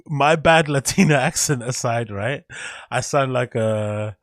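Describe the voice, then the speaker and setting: A man's voice: mid-range voice, measured pace, fairly bright tone, dry recording. Man rambling on his opinions. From England. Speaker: show host. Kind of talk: solo podcast commentary.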